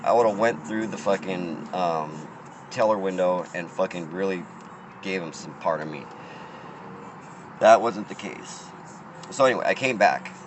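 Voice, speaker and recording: A man's voice: low-pitched, unhurried, long pauses, noisy background. A man telling a rambling, profane story in casual talk, often restarting his sentences.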